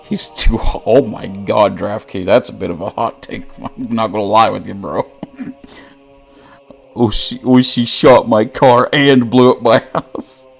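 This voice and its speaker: A man's voice: on the low side, a little slow, creaky, faint music behind. A man streaming a story game, reading the text aloud between frequent laughs and joking banter with chat.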